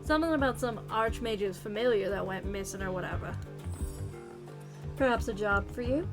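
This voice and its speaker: A woman's voice: mid-range voice, moderate pace, music in the background, lightly acted. Woman doing a blunt, money-minded mercenary. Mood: flippant. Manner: blunt, flippant.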